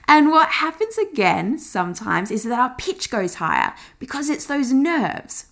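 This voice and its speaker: A woman marketing coach talks straight to camera in an upbeat, encouraging lesson. Her voice sits a little high and moves through a wide, animated pitch range. She keeps it friendly and conversational as she teaches. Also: gravelly. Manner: demonstrates fast and slow, high and low delivery; encouraging, chatty.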